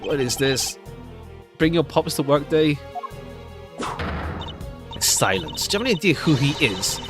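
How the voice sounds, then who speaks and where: A man's voice: on the high side, animated, measured pace. A man voicing a brash young male detective who speaks indignantly and commandingly, with music behind. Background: background music.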